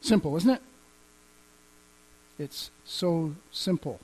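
A man's voice: a little high, animated, slow pace, a little mellow, low-quality recording. A man teaching as a pastor, speaking conversationally, quoting scripture and chuckling now and then. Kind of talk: teaching on healing and faith.

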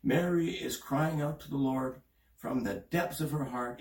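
A man's voice: measured pace, distant mic. A man preaching a sermon, reading scripture aloud in an earnest way and stressing key words. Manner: earnest, reads scripture aloud and rises in pitch for emphasis. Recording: roomy, from off the mic.

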